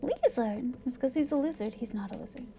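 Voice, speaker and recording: High, mellow-voiced woman streaming a game. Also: fast talker, slight background noise. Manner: thinking aloud, meandering, drops to soft asides. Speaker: live streamer. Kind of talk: casual gameplay commentary.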